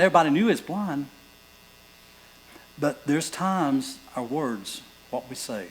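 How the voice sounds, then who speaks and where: A male pastor preaching a sermon, reading scripture aloud and building to fervent, loud passages. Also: a little high, expressive, measured pace, low-quality recording.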